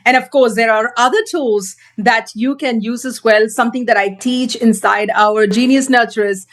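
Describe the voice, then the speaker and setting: A woman's voice: on the high side, steady tone, moderate pace. A woman parenting coach teaching straight to camera, earnest and emphatic, repeating her key points.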